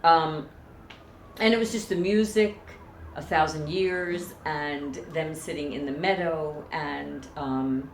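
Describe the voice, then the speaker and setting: A woman with a lowish voice tells a personal memory to camera, heartfelt and emotional. The sound is roomy and echoey, with a faint hum of ambience behind her. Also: takes it slowly. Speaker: vlogger.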